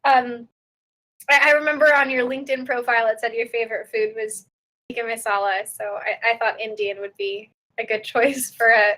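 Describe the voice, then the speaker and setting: A woman's voice: on the high side, steady tone, normal speed, bright, forceful tone. A woman voicing Laura, a nervous young woman on an awkward dinner date, hesitant and giggly. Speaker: player voicing her character. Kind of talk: improvised tabletop role-play.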